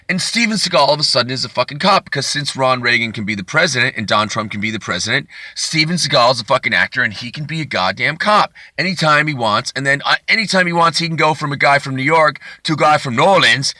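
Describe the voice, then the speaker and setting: A man's voice: mid-range voice, animated, a little fast, sharp tone, no echo, clean studio sound. A man comedian delivering a rambling, profane, indignant comedic rant.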